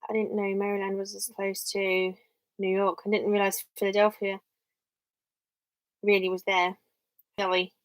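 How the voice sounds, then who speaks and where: A woman's voice: mid-range voice, monotone, moderate pace, pauses often, no echo, low-quality recording. A young English woman chatting casually on a live stream from her home office, rambling and thinking aloud as she reads viewer comments.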